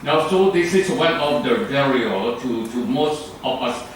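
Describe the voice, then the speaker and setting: A Thai man with a Thai accent gives a rambling club speech full of fillers and restarts, speaking a little slowly in a medium-pitched voice with lively intonation. He's recorded from far off in a very echoey room with faint noise.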